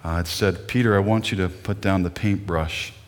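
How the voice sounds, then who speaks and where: A man's voice: low voice, fairly even intonation, moderate pace, big-room sound. A middle-aged male pastor preaching a sermon in an earnest, emotional way, often putting questions to the congregation.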